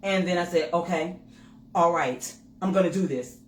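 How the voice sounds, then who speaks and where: A woman co-hosting a candid couple's chat with her husband, telling personal stories with lively acted-out inner dialogue. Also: lowish voice, moderate pace. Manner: animated storytelling, acts out her own inner voice. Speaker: co-host. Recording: roomy with faint noise.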